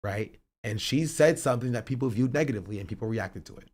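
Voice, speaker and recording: A man streaming live, reacting to clips with blunt, profane commentary that swings from measured to fired up. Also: medium pitch, a little mellow.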